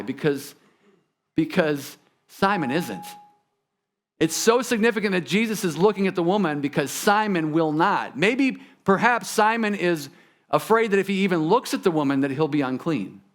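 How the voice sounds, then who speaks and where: A man's voice: on the high side, animated, normal speed, fairly bright tone. A man preaching a sermon in a church, talking conversationally and turning to the congregation with asides. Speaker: pastor. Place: church sanctuary.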